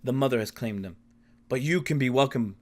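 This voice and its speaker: A man's voice: mid-range voice, brisk, darkish tone, natural voice. A man voicing a solemn male vampire harbinger who preaches in an intoning way.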